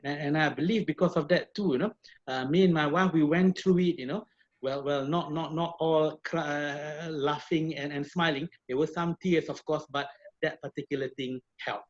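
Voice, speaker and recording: A middle-aged man from Malaysia, a professor telling a personal story in an animated way with many repeated words, heard over a video call. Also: on the high side, moderate pace. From Malaysia (Perak). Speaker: professor and guest speaker. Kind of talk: storytelling talk. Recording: dull lo-fi video call audio.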